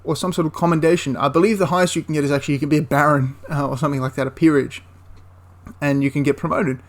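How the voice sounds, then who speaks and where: A man's voice: on the high side, fairly even intonation, quick pace. A man giving a casual, enthusiastic spoken review of a tabletop wargame, rambling into asides and restarting his sentences.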